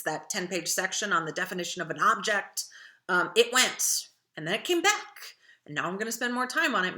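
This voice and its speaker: A woman's voice: fairly low pitch, sharp tone. A young adult woman teaching writing in a casual, chatty lecture, with many fillers and digressions. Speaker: writing instructor.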